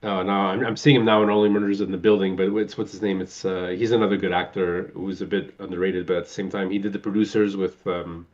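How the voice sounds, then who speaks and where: A man's voice: sits low, flat delivery, quick pace, hardly any pauses, a little mellow. A man in casual chat, rambling and searching for names as he retells film scenes. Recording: muffled lo-fi recording.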